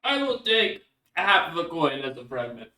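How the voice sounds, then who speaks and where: Bright-voiced man running a tabletop game. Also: on the high side, sing-song, normal speed, distant mic. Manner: loose, rambling, lots of fillers. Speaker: game master.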